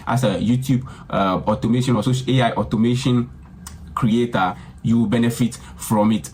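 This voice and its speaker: A man hosting a software tutorial, talking casually and repetitively and often calling viewers guys. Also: mid-range voice, slight background noise. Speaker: tutorial host. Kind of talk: screen-recorded software tutorial.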